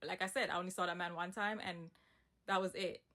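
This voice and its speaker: A woman's voice: lowish voice, brisk. A young woman telling a personal story in a casual, emphatic storytime monologue with asides. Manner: animated, emphatic retelling with asides.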